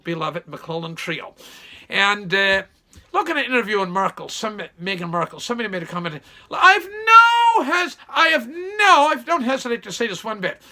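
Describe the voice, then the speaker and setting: Folksy high-voiced older man. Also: pushed and bright. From Nova Scotia, Canada. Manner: folksy, digressive storyteller with many restarts. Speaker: vlogger. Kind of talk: rambling monologue.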